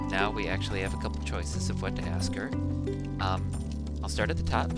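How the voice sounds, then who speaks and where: A man's voice: low-pitched, fairly quick. A man casually commenting as he streams a game he built, with music playing behind him. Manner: relaxed, chatty, with fillers. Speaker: game developer streaming his game. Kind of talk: casual let's-play commentary.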